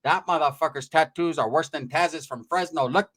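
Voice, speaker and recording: A man voicing a brash, foul-mouthed middle-aged Mexican aunt, talking loud, bossy and sassy. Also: fairly high pitch, moderate pace.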